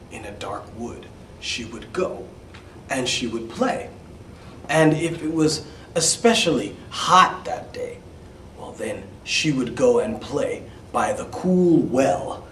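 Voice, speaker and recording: Male English teacher, fairy-tale storytelling lesson, slow, explains words, soft asides, distant mic. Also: medium pitch, lively intonation, a little hiss or hum. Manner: slow, repeats and explains words, drops to near-whispers for asides. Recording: echoey room, mic at a distance.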